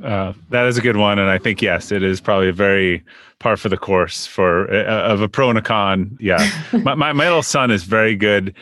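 Man, podcast host, low voice, relaxed chat, repeats words at starts, dry close sound. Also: normal speed, dry recording. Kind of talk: casual interview conversation.

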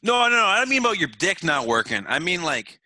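A man's voice: high voice, sing-song, fast talker, bright, forceful tone, dry recording. A man hosting a casual podcast chat, tossing in crude jokes. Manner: crude, joking interjections, laughs often.

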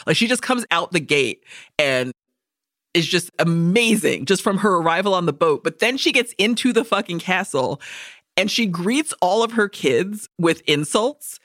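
A woman co-hosting a movie podcast, recapping a film's plot in a profane, animated way and acting out the characters' lines. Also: lowish voice, normal speed, no room sound, studio quality. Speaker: podcast co-host. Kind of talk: casual movie discussion.

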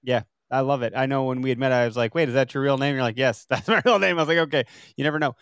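A man's voice: medium pitch, racing, fairly bright tone, clean tone, no room sound, clean studio sound. A man hosting a podcast, chatting enthusiastically and rambling with restarts. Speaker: podcast host. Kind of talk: casual interview chat.

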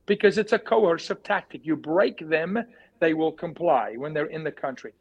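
High-voiced man speaking with force. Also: moderate pace, slightly rough, highs cut off. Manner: forceful, emphatic, repeats key words. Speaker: guest. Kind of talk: impassioned interview talk.

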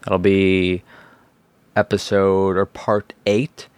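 A man's voice: low voice, little pitch movement, slow, darkish tone, clean tone, dry recording. A man hosting a podcast, rambling in a casual, exasperated, self-mocking way. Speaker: podcast host. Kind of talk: casual solo podcast talk.

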